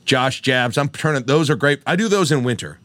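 A man's voice: medium pitch, fairly quick, no room sound. A middle-aged man co-hosting a sports podcast in casual, joking chat, with a Midwestern American accent. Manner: animated, joking, trails off into mumbles. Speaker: podcast co-host.

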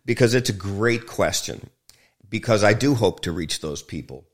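A man's voice: on the low side, lively intonation, normal speed, slightly rough. A man, a film director, talking frankly and emphatically as a guest in an interview, swearing freely and joking. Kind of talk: candid interview conversation.

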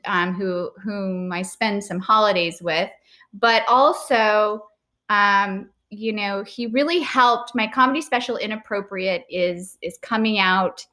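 A woman's voice: medium pitch, bright, forceful tone. A woman comedian hosts her podcast in easygoing chat. She sounds bubbly and playful, slipping little jokes into her talk.

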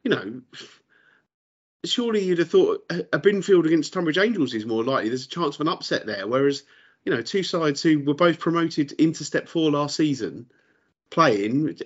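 A man co-hosts a casual football podcast, his mid-range voice slightly bright with a breathy edge and recorded in lo-fi sound. He stumbles and repeats words while chatting about sports, showing a dry sense of humour.

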